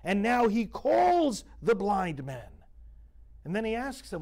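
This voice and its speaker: A male priest gives a scripture reflection, reading Bible passages aloud before building into emphatic, urgent preaching. His voice sits high and is very animated, with a darkish tone. He speaks slowly and pauses often, growing more fervent as he goes.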